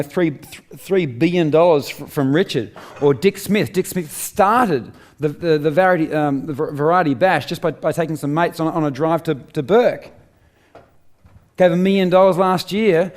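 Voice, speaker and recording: His voice is a little high with a darkish tone as this middle-aged Australian motivational speaker performs on stage for a live audience. He pushes his ideas through rhetorical questions and emphatic repetition.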